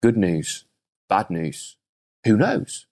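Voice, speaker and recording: A calm old farmer who meets every twist with the same low, quiet shrug of a phrase, as a man voices him in a told story. His delivery is measured and unhurried. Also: exaggerated voice. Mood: unbothered. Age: older.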